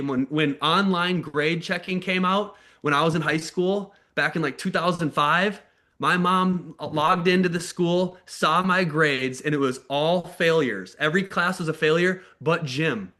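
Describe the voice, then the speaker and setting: A man's voice: a little high, pushed and bright. An American man in his thirties telling his life story on a video call, in a casual, candid way, sometimes acting out the people he quotes. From United States. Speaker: motivational speaker. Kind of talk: personal story told to an online call.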